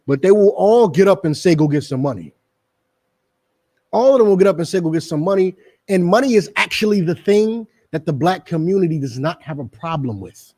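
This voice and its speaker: A man's voice: high voice, animated, a little fast, hardly any pauses, dark tone. A middle-aged man giving emphatic, repetitive, lecturing commentary in a preaching style, addressing the people around him by name. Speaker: religious group speaker on a radio show.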